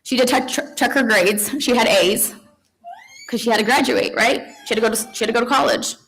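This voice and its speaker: Mother giving a halting, tearful eulogy. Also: fairly high pitch, low-quality recording. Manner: tearful, halting, with soft laughs between memories; conversational, with many ums and restarts. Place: memorial service room.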